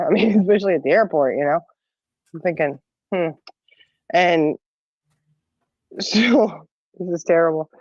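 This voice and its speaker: A woman's voice: lowish voice, no room sound, dull audio. A middle-aged woman telling a long story in casual chat, rambling and laughing often. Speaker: podcast co-host.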